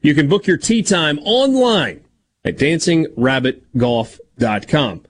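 A man hosting a casual sports radio show, easygoing and smooth on the sponsor reads. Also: on the high side, animated, takes it slowly.

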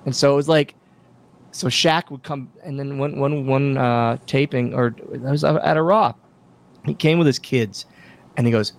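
Gravelly-voiced male podcast guest, animated storyteller who acts out quotes. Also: medium pitch, a little fast. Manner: animated anecdotes with acted-out quotes. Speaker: podcast guest, wrestler and wrestling school owner. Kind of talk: casual interview storytelling.

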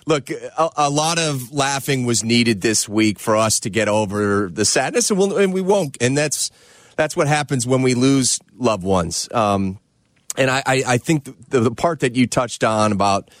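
A man's voice: medium pitch, animated, unhurried, dry recording. Man hosting sports radio, dry sound. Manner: reflective, conversational. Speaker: radio show host.

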